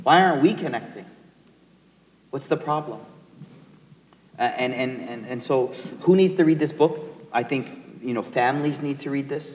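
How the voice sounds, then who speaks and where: A man speaks as an author in an interview, his voice mid-pitched and sincere. He tells stories with emphatic conviction. The sound carries the long echo of a large mosque hall and is dull and lo-fi. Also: normal speed, long pauses, a little hiss or hum. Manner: emphatic, earnest storyteller. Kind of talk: conversational interview with storytelling.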